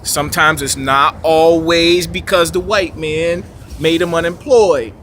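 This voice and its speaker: A man's voice: a little high, unhurried, a bit bright, slight background noise. A man giving rambling, emphatic off-the-cuff commentary outdoors, with a preachy tone and rhetorical questions. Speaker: video commentator. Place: outdoors in a city park.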